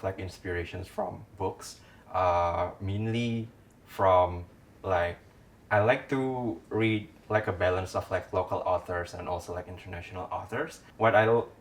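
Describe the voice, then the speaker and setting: A man's voice: low-pitched, recorded from a distance. A man talking as a podcast guest in a casual conversation, hesitant, with many fillers and restarts. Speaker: podcast guest, food writer.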